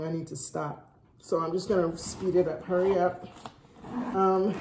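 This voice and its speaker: Woman vlogger, slow unhurried delivery, gushes and gasps over each item, roomy home sound. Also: mid-range voice, darkish tone, a little hiss or hum. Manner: gushing, gasping, breathless exclamations. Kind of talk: excited unboxing vlog. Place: at home, indoors.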